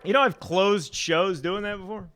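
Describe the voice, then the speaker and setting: A man doing a stand-up set at an open mic in a small comedy club, telling dark jokes deadpan with halting fillers. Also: sits high, over loud music.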